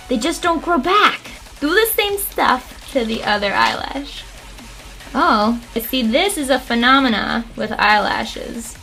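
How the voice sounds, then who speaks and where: A woman's voice: fairly high pitch, gravelly, fairly bright tone. A young woman doing a casual makeup tutorial at home, talking to the viewer in a playful, joking way. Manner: playful, jokey, talks straight to the viewer. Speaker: makeup vlogger.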